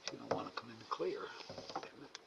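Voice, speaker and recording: A man's voice: a little fast, a bit bright, dull audio, slight background noise. A man hosting a live animal camera stream from indoors at night by a window. He coaxes an animal in a raised sing-song voice and mutters to himself between calls. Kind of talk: casual live-stream commentary.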